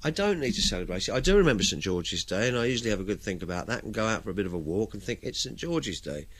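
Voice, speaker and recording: A man's voice: on the low side, very animated, fast talker, slightly rough. An English man hosting a show, talking in a rambling, opinionated monologue with many restarts. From England. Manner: rambling, chatty, frequent restarts.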